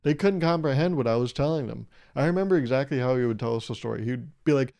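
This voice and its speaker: A man's voice: medium pitch, fast, creaky, mellow. A young man hosting his own podcast, rambling through a solo comedic monologue in a sarcastic, mock-serious way and laughing at his own jokes. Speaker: podcast host.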